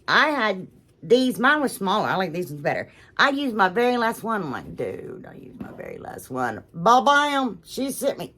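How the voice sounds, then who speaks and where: A woman's voice: medium pitch, a bit bright, a little hiss or hum. A woman hosting a craft channel, chatting casually to viewers, gushing and emotional with lots of restarts. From United States.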